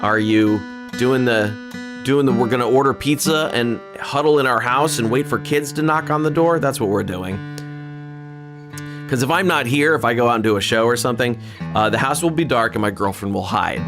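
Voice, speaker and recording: A man with a Californian accent hosts a relaxed livestream from home, talking at a middle pitch. He rambles earnestly and restarts his sentences often. A guitar sounds faintly behind him. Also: normal speed. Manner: rambling, earnest, self-deprecating, with frequent restarts. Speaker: livestream host and musician. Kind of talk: casual livestream chat.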